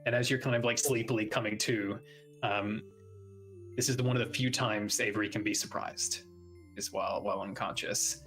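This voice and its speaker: A man running a tabletop game as game master, pausing to check rules and then narrating a night scene slowly and atmospherically. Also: on the low side, fairly even intonation, fairly bright tone, faint music behind, low-quality recording.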